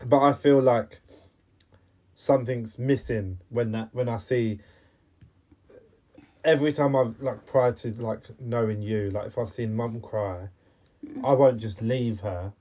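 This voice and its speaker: An earnest man co-hosting a podcast, talking in halting bursts full of restarts. His pitch sits mid-range for a man, and a slight cough comes and goes. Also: mellow. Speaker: podcast co-host. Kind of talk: casual chat.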